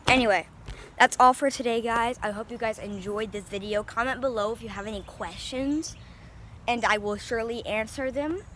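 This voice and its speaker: With a slightly high, a bit bright voice at normal speed, a young woman narrates a casual outdoor vlog of her guinea pigs in the backyard, shot on a handheld phone. A little hiss or hum is present, and she chats informally with lots of fillers and baby talk to the pets.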